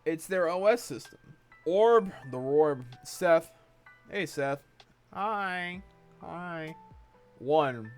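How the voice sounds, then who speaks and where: Animated, cursing streamer man. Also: a little high, extremely slow, long pauses, smooth, faint music behind. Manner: animated, swears a lot, excitable outbursts. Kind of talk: reading a webcomic aloud with commentary.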